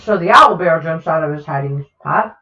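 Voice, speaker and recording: A woman running a tabletop game as game master, narrating in a relaxed, halting way. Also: low-pitched, crowd noise. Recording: echoey, dull lo-fi mic.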